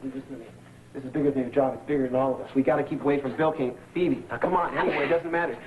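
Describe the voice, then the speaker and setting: A man's voice: mid-range voice, steady tone, rapid-fire, noisy background, close to an everyday voice. An actor in a 1980s TV soap, urgently pleading his way into a bank vault. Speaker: soap opera character. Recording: tinny old TV broadcast with music.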